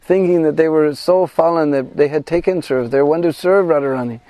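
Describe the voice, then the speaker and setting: A man with a fairly high, mellow and warm voice leads a pilgrimage and tells a devotional tale. He tells it in an animated way and brings the quoted characters to life as he goes. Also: brisk, no room sound. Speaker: pilgrimage guide and devotional speaker. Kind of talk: devotional storytelling on a pilgrimage tour. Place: at a shrine on pilgrimage.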